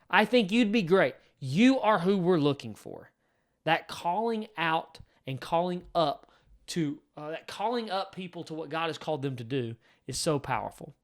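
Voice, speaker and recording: A man who is a lead pastor, giving a blunt, emphatic teaching talk to other church leaders. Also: high voice. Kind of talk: direct-to-camera teaching talk.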